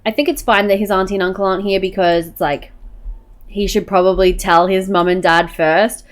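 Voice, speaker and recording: A woman's voice: medium pitch, fairly even intonation, a little fast. A woman giving casual, chatty commentary while playing a life-sim game, often saying "go ahead and". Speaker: gameplay narrator.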